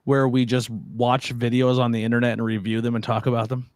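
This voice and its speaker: A man's voice: mid-range voice, flat delivery, brisk, dry recording, clean studio sound. A man hosting a casual post-show chat, joking and swearing freely. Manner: profane, joking, does silly voices. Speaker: podcast host.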